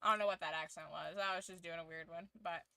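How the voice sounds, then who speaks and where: A woman's voice: fairly low pitch, steady tone, fast, gravelly, pushed and bright, dry recording. A woman streamer chatting casually to her viewers, laughing often and swearing freely. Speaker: streamer hosting a watch-along. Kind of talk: casual chat.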